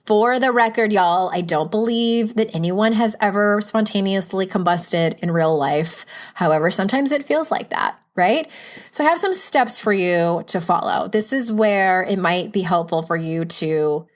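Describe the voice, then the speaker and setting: A woman's voice: medium pitch, normal speed. A woman hosting a solo self-help podcast, talking frankly and playfully, coaching listeners with humorous asides. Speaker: podcast host.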